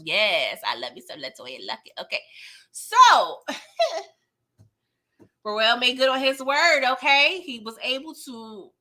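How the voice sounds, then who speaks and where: A woman's voice: high voice, sharp tone. A woman hosting a casual live TV recap, talking in slang, laughing often and acting out scenes in quoted voices. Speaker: YouTube show recap host.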